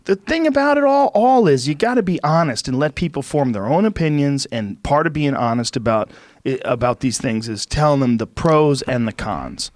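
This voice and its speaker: A man's voice: fairly high pitch, lively intonation, normal speed, no echo. A man from the United States hosting a podcast, ranting in a casual, profane chat.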